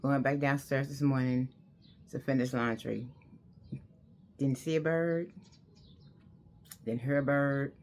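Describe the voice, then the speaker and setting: A woman's voice: very deep voice, fairly even intonation, slow, long pauses, a little mellow, slight background noise. An older woman telling a personal story in a rambling, repetitive, earnest way.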